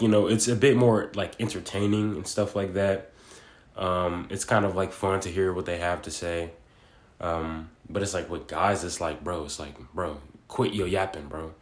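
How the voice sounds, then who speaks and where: Casting: young guy in his twenties, deep low voice, loose slangy rambling vlog talk. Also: roomy sound. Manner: rambling, slangy, full of fillers like "bro" and "like". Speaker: vlogger. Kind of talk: casual monologue.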